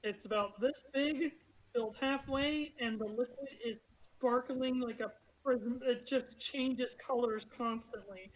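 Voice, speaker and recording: Woman game master narrating brightly. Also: a little high, unhurried, poor audio. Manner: chatty, laughs through descriptions.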